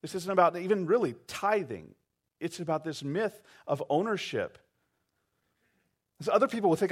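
A man's voice: high-pitched, expressive, moderate pace, long pauses, slightly rough. A man preaching a sermon, acting out quoted voices and asking the congregation to respond. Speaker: pastor.

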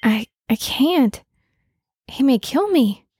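A woman's voice: high voice, animated, slow, a little mellow, slightly rough, heavily acted. A woman doing a timid stammering young queen. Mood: frightened. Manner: hesitant, stammering. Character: timid young queen, scared then brave.

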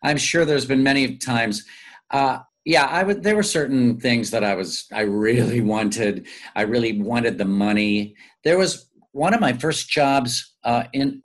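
Male actor guest, mid-pitched, lively anecdotal talker, laughs easily. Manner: animated, laughing, chatty anecdotes. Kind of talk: casual interview storytelling.

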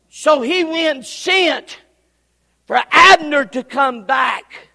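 A man preaching a Sunday sermon, calling for amens and breaking into shouts as he retells the story. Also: extremely high pitch, slow pace, creaky, long reverb tail. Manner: call-and-response, bursts into shouting. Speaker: pastor. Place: church.

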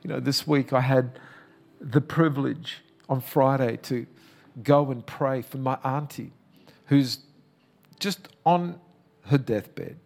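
A man's voice: mid-range voice, slow pace, gravelly, long pauses, a little mellow. A man who is a pastor, preaching a sermon with emphatic, passionate calls and chatty storytelling full of restarts. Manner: conversational storytelling with repeated restarts.

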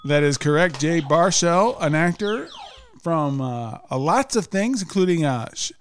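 A man with a notably high voice plays quiz-master on a casual podcast. He teases his co-hosts and guest, calls out questions and answers, and laughs easily. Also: expressive, normal speed, a little hiss or hum. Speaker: podcast host running a quiz game. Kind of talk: casual studio banter.

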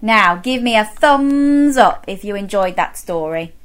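A woman's voice: medium pitch, animated, unhurried, a bit bright, clean tone. A woman reading a picture book aloud to young children, playful and encouraging, inviting them to join in with sounds. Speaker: children's storyteller.

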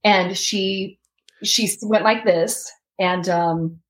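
A woman's voice: medium pitch, steady tone, slow pace, low-quality recording. A woman in her thirties telling her personal story as an interview guest, reliving her own past words.

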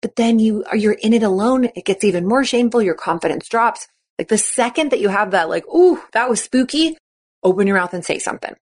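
A woman's voice: medium pitch, quick pace, hardly any pauses, darkish tone. A woman coaching on a podcast, talking in an encouraging, chatty way and acting out quoted thoughts. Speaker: gymnastics coach and podcast host. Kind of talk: podcast monologue.

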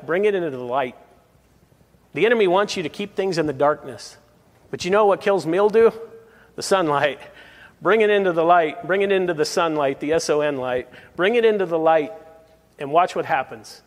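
A man preaching a verse-by-verse sermon as pastor at a church service, earnest and slowing down to press home key lines. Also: fairly high pitch, long reverb tail.

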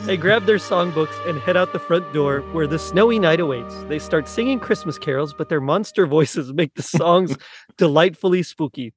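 A man's voice: fairly high pitch, moderate pace, over music. A man hosting a podcast, reading a skit script aloud and giggling through it. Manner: giggly, breaking into laughter while reading. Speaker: podcast host.

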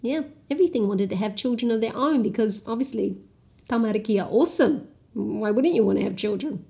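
A woman with a New Zealand accent telling a story to young children in a playful, animated way with dramatic gasps. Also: on the high side, brisk, creaky.

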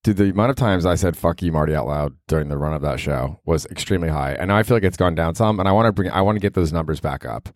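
A man with a very low voice talks alone into a mic, rambling loosely and making fun of himself, with the odd swear tossed in. The sound is dry and close, with no room around it. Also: quick pace, few pauses, dry recording. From Cleveland, Ohio. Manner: rambling, self-deprecating, swears casually. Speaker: podcast host. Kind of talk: solo podcast monologue.

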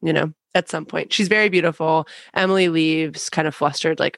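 A woman in casual chat about a TV show, chatty, slipping into animated quoted voices and laughing often. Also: low voice, a little fast, dry recording. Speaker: podcast co-host.

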